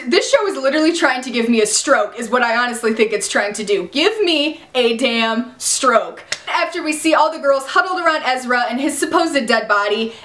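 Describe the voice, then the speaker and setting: A young woman excitedly recapping a TV episode, gushing and exasperated by turns. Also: a little high, echoey room. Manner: gushing and exasperated, jumps into quoted shouts. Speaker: TV recap vlogger.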